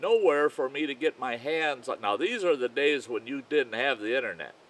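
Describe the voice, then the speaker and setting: An older man telling a folksy, rambling campfire story about his own past at an unhurried pace. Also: medium pitch, expressive, fairly bright tone, poor audio.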